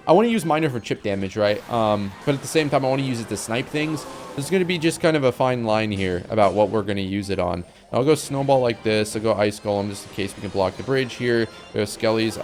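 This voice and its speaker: A young man giving casual commentary on his own game, chatty and rambling, with sudden excited outbursts. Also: on the low side, slight background noise. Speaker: gameplay commentator.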